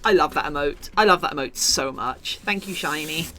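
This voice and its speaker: A woman's voice: low-pitched, normal speed, bright, forceful tone, slight background noise. A British woman streaming live, chatting playfully and mock-dramatically with her viewers while she crafts.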